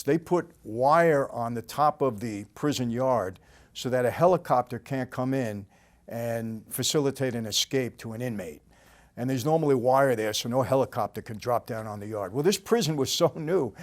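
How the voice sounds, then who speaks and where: Older New York man telling stories. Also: darkish tone. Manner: conversational, plain-spoken, drops to a low murmur at line ends. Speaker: storytelling host. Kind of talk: casual storytelling.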